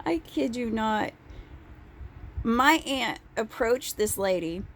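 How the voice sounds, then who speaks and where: A young woman telling a casual vlog story, animated and profane, with laughing asides. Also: a little high, very slow, a little hiss or hum. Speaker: vlogger.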